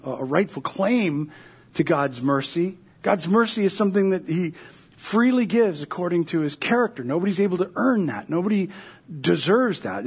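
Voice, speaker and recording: A man with a high, husky voice preaches in a relaxed, conversational way. He retells scripture like a story, dropping in fillers and little jokes as he goes. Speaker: pastor. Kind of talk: casual sermon.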